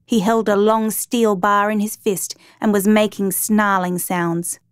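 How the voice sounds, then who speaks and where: A woman narrating a true crime story in a steady, measured reading voice. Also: mid-range voice, clear, resonant tone, no room sound, studio quality.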